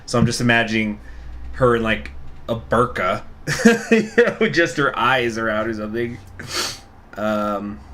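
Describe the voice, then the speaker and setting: A man's voice: on the low side, moderate pace, fairly bright tone, slight background noise. A man streaming a narrative game, chatting casually and self-deprecatingly into a desk microphone. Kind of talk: casual livestream commentary.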